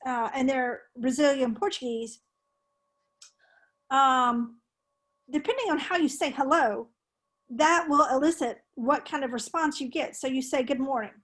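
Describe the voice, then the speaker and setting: Woman teacher with a high voice, rambling and hesitant in casual shop talk. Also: unhurried, fairly bright tone. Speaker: English language teacher. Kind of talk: casual professional discussion.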